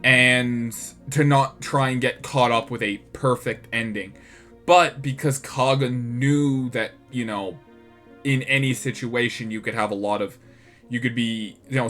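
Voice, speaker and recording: A man in a relaxed gaming chat, talking in long rambling stretches and restarting his sentences often. His voice sits at an ordinary middle pitch. Faint music plays softly behind him. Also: unhurried. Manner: rambling, with many restarts and laughs. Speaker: podcast co-host.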